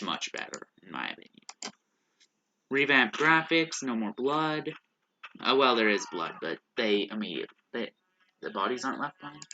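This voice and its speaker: Animated man doing casual game commentary. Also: medium pitch, a little hiss or hum, rough recording. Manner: casual, joking, rambling. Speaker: gaming YouTuber. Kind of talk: let's play commentary.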